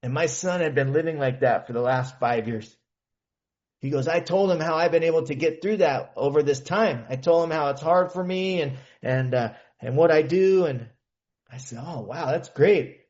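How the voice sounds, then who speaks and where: Earnest storytelling man, slightly high. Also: normal speed, darkish tone, lo-fi sound. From California. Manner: earnest, conversational storytelling with casual slang. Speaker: recovery meeting speaker. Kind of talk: personal testimony talk. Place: meeting hall.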